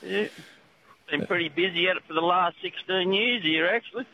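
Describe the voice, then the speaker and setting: A man's voice: high-pitched, normal speed, sharp tone. A man with an Australian accent calling in to a radio show, laconic and plain-spoken. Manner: laconic, calls everyone mate. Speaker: caller. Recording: dull phone line with faint hiss.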